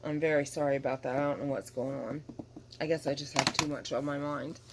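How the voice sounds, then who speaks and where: A woman's voice: low voice, fairly even intonation, a little fast, noisy background. A tired middle-aged woman chatting candidly to her camera in a rambling, apologetic vlog, yawning now and then. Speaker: vlogger. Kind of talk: casual vlog chat to camera.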